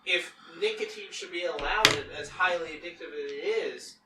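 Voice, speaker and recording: A man's voice: on the high side, brisk, far from the mic. A man co-hosting a podcast, arguing his point in a casual debate, swearing and repeating himself. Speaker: podcast co-host. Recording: roomy, off-mic with faint noise.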